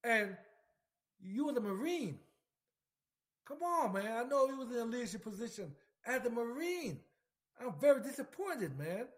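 High-pitched guy venting on camera, repeats himself a lot, swears, keeps asking you do you understand me. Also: animated, moderate pace, pauses often, fairly bright tone. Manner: emphatic, repetitive, profane, lots of direct questions at the listener. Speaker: military veteran vlogger. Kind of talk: ranting political commentary.

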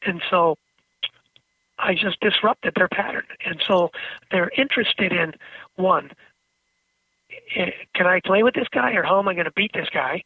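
A man's voice: high-pitched, a little slow, long pauses, no room sound, far from the mic. A man speaking as a therapist guest on a radio show, explaining his work with kids through stories. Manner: explanatory, storytelling with acted-out quotes. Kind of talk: phone-in radio interview. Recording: tinny, husky phone line.

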